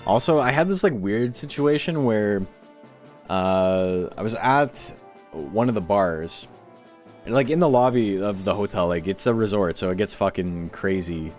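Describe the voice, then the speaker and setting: A man's voice: lowish voice, expressive, unhurried, a little mellow, faint music behind. A man from Toronto, hosting a game tournament stream and chatting casually between matches. He rambles from one story to the next, swears freely and laughs between anecdotes. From Toronto, Canada.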